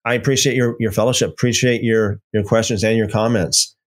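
A man's voice: fairly low pitch, steady tone, a little fast. A man hosting a casual livestream, rambling and taunting, repeating himself as he reads viewer comments. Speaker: livestream host.

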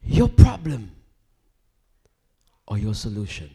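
A man preaching a live sermon, swinging from loud emphatic declarations to hushed near-whispers, with repetitive rhythmic phrasing. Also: on the low side, wildly swooping pitch, slow, slightly rough.

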